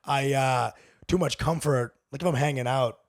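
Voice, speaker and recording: A man's voice: medium pitch, normal speed, no room sound, studio quality. Rambling comedian man on a podcast mic. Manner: rambling, bursts of laughter, loud outbursts. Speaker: comedian co-host. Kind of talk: casual podcast banter.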